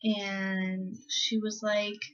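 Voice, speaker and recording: A woman's voice: mid-range voice, little pitch movement, extremely slow, a bit bright. A teenage girl vlogging, telling a story casually with many fillers and acted-out quotes. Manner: chatty, lots of "like" and "um", acts out quotes. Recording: slightly dull lo-fi audio.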